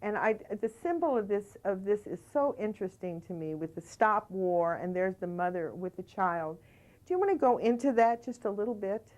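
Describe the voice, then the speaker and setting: A woman's voice: medium pitch, expressive, moderate pace, darkish tone. A middle-aged American woman hosting a community TV talk show, chatting emphatically with her guest. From United States. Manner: conversational, emphatic, many "you know"s. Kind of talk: studio talk show conversation. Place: community TV studio.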